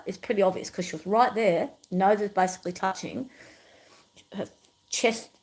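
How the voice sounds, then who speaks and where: A woman's voice: medium pitch, rough recording. A middle-aged woman, hosting her own livestream and telling personal stories in an emphatic, rambling way with many repetitions. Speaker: YouTube channel host.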